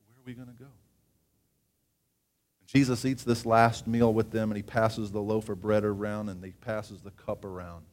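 A man preaching a sermon, reading scripture aloud with asides and often rising in pitch and volume for emphasis. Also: level tone, moderate pace, hardly any pauses, darkish tone.

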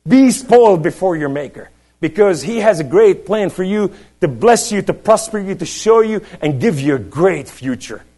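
Middle-aged male preacher, fiery sermon delivery, voice sits slightly high, big swings from shouting down to near-whispers. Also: animated, moderate pace, hardly any pauses. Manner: impassioned, swinging from shouts to hushed tones; dramatic storyteller.

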